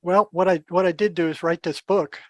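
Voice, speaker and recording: A man's voice: sits high, brisk, no room sound. An older man, a podcast guest, telling stories with animation, acting out dialogue and often repeating and restarting his words. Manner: animated storyteller who acts out dialogue. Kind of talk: storytelling in an interview.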